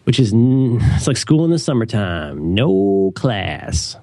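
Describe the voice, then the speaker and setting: A middle-aged man co-hosting a podcast and reading an ad in a jokey, rambling, animated way. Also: normal speed, no room sound. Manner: animated, rambling, jokey, with sudden high leaps. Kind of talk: casual podcast chat.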